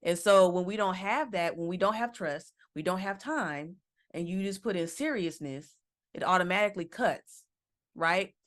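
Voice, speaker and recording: A woman hosting a casual podcast, backing up her husband with soft affirmations and then explaining her views with feeling. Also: lowish voice, normal speed. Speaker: podcast host, wife.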